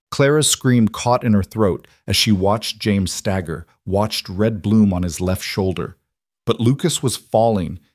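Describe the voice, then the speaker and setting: Low-voiced male story narrator. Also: dry recording, studio quality. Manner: even, steady storytelling.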